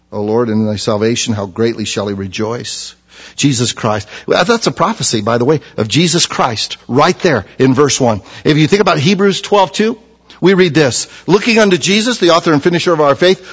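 A man's voice: husky, lo-fi sound. Man preaching a sermon in a reverberant hall. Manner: emphatic, repeats key phrases, drops to a hushed low voice.

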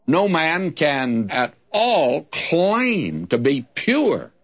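Older male Bible teacher, slow and deliberate, lively pitch, dull lo-fi recording. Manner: slow, deliberate, reads scripture then explains it.

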